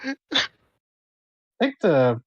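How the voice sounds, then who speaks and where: A man's voice: on the high side, sing-song, extremely slow, darkish tone, no room sound, lo-fi sound. A man running a tabletop game as game master, talking loosely with restarts. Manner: casual, loose, stop-start.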